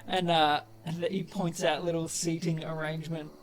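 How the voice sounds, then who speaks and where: A man's voice: fairly high pitch, level tone, normal speed, soft background music. A man narrating as game master, hesitant with lots of fillers.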